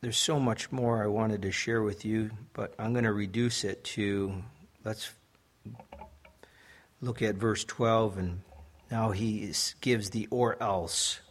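A young adult man, a pastor, preaching a sermon in an earnest way that builds to emphatic peaks. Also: fairly low pitch.

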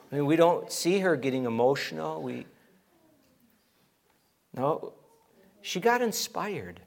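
A middle-aged man preaching a sermon as pastor, animated and emphatic, acting out quoted voices. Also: on the high side, slow, vocal fry, long pauses.

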